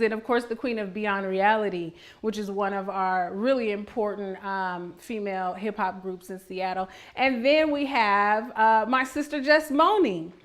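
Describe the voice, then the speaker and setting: Relaxed woman hosting a live stream. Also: medium pitch. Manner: relaxed, friendly, hesitant fillers. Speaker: host.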